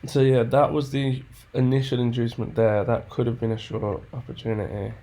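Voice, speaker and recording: A man's voice: mid-range voice, level tone, fairly quick, dark tone. A man who thinks aloud while he trades. He talks to himself, sounds frustrated and swears often. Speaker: trader backtesting charts. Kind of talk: muttering commentary to himself.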